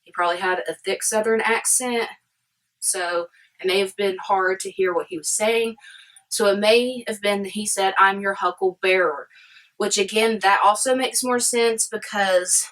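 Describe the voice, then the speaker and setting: A woman's voice: mid-range voice, fairly even intonation, normal speed, rough recording. Chatty woman vlogger, rambling eagerly. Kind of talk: casual history vlog.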